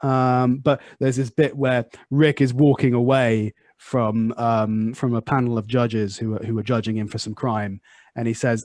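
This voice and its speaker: A man's voice: mid-range voice, steady tone, measured pace, a little mellow, dry recording, clean studio sound. A man with a West Country English accent, hosting a podcast and chatting casually, with many restarts and fillers. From Southwest England. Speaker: podcast host. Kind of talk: casual conversational interview.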